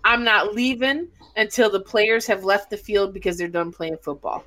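A woman's voice: medium pitch, moderate pace. A woman hosting a casual chat, telling stories bluntly and swearing a lot. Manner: blunt, profane, animated storytelling. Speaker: podcast host.

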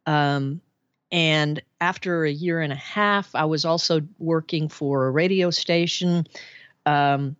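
A woman, a podcast guest telling her life story in a chatty, animated way with frequent laughs. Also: low-pitched, takes it slowly, clear, resonant tone, dry recording, lo-fi sound. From Arkansas, USA. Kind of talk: casual storytelling interview.

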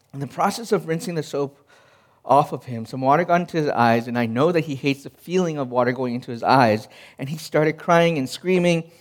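A male pastor in his thirties with a fairly high voice, preaching an earnest sermon. He tells personal stories in a conversational way and often restarts his phrases as he searches for words.

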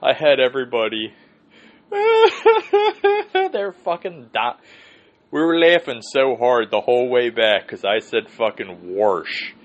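Medium in pitch and moderate in pace, this podcast host's voice carries a casual, rambling story packed with swearing and frequent laughs. Faint hiss runs under the dull, lo-fi recording.

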